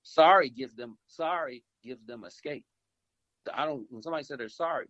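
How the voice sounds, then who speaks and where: A man's voice: medium pitch, very animated, moderate pace, pauses often, a bit bright, no echo. A middle-aged man, an insurance agency owner and investor, giving rambling advice in a phone interview, with many repeats and restarts as he acts out calls with customers. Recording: dull lo-fi phone line.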